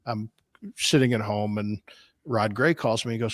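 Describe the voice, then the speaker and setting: A man's voice: on the low side, normal speed, dry recording, studio quality. A man from Des Moines, a barbecue competition cook, telling long rambling stories on a casual podcast. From Des Moines, Iowa, US. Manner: rambling, animated anecdotes with restarts.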